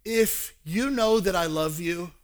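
A male pastor preaching a sermon, animated and acting out dialogues. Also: sits high, slow.

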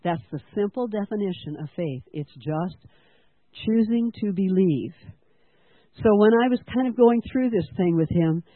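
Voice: medium pitch, animated, moderate pace, dry recording. A church-school teacher preaching a sermon in an earnest way, asking the congregation questions and having them repeat lines. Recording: dry, tinny phone-like sound.

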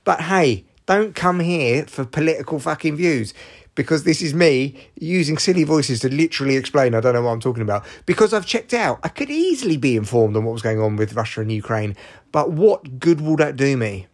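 A man in his forties hosts a solo podcast, speaking a little fast in an expressive, fairly high voice. His casual monologue rambles, and he's self-deprecating and swears freely.

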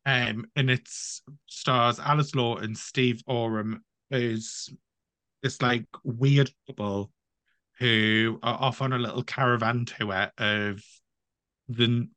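A man's voice: medium pitch, steady tone, slow pace, sharp tone, no echo. A man from the United Kingdom co-hosting a podcast, chatting casually and rambling with many fillers and restarts. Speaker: podcast co-host.

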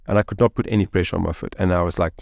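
A man, a guest telling a story in an interview, rambling and animated with lots of fillers like "like" and "you know". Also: sits low, racing, gravelly, no room sound, clean studio sound.

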